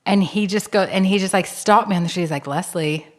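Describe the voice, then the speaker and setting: A woman co-hosting a podcast, chatting casually and telling lively anecdotes. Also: medium pitch, fast. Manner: chatty, animated storyteller with frequent laughs. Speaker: podcast co-host. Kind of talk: casual chat.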